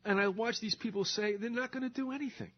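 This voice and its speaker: A man's voice: high-pitched, fast talker. An older American man hosting a show, ranting sarcastically and mocking politicians in put-on voices. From United States. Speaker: radio show host. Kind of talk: ranting monologue. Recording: slightly dull lo-fi recording.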